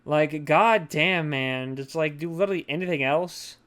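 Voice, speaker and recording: Male podcast co-host, smooth clear voice a bit high, profane and animated. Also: normal speed. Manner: profane, animated, acts out characters in mocking voices. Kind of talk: casual movie chat.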